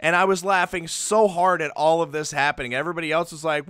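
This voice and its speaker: Smooth-voiced excitable guy, curses freely. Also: on the high side, brisk, hardly any pauses, no room sound. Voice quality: excitable, swears freely, self-interrupting restarts. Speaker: podcast co-host. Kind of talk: casual chat.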